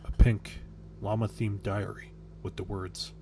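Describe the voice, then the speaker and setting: A man with a fairly low voice tells a horror story in a casual, crude way. He stumbles over nervous restarts now and then. A faint hum sits behind the recording. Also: level tone, measured pace, mellow. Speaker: narrator. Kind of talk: creepypasta storytelling.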